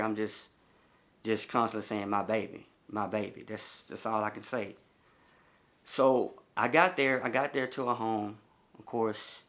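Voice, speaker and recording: A middle-aged man, a bereaved father, recounting his story in a halting, repetitive way with many fillers. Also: on the low side, a bit bright. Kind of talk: personal testimony.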